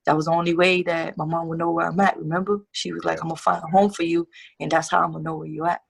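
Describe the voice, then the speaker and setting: A woman's voice: on the low side, flat delivery, fast talker, gravelly, breathy edge. A young woman guest telling her life story in a casual interview, candid and profane with street slang.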